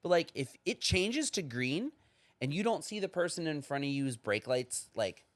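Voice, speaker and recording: A man co-hosting a podcast, ranting in casual chat, profane and animated as he acts out other people. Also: fairly high pitch, normal speed, dry recording. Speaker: podcast co-host.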